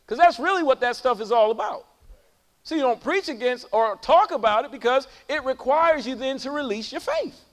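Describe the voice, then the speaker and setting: A man preaching a sermon as pastor to his church, calling out to the congregation and swinging between loud high calls and low quiet talk. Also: expressive, moderate pace, big-room sound. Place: church sanctuary.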